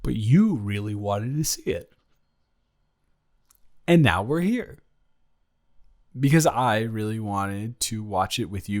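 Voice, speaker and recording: A young man improvising a romantic audio roleplay, telling a story in a playful, teasing, rambling way. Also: on the low side.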